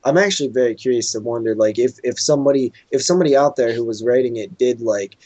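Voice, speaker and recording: A man's voice: medium pitch, quick pace, darkish tone, no echo, lo-fi sound. Profane rambling man, dry sound. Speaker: podcast co-host. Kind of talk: casual chat.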